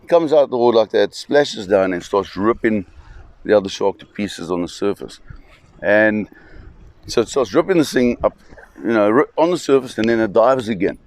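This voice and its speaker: A man telling a spoken anecdote, animated, with fillers and restarts. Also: fairly low pitch, normal speed.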